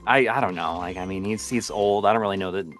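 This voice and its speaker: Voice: low-pitched, fast talker, faint music behind. A co-host of a live stream chatting casually, hesitant and full of fillers, also reading out donations.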